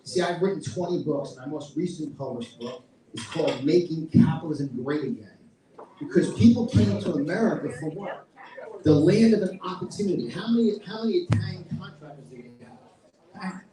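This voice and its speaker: A middle-aged man with a New York accent giving a loud, passionate and combative speech at a live event. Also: fairly high pitch, expressive, fairly quick. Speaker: featured event speaker. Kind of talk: fiery political speech. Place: event hall with live audience. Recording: echoey room, mic at a distance, crowd audible.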